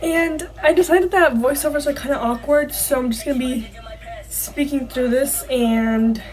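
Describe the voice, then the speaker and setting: A woman's voice: high voice, moderate pace, darkish tone, poor audio. A young woman chatting casually through a makeup tutorial, a bit self-conscious and giggly. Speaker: beauty vlogger. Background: faint background music.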